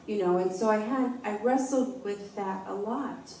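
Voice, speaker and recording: A woman in her forties gives a personal testimony in an unhurried, heartfelt way, often stopping to restart a thought. Her voice is mellow and warm. She is picked up from some distance in an echoey church room, with faint room noise behind her. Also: mid-range voice. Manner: halting, heartfelt, with frequent restarts. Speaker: speaker sharing a personal testimony.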